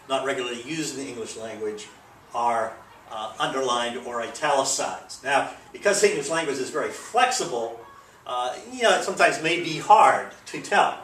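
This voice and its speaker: A man's voice: medium pitch, a bit bright, slight background noise. Man teaching grammar in an echoey room. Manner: loose, rambling explanation with many fillers. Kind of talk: recorded grammar lesson. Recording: echoey room, mic at a distance.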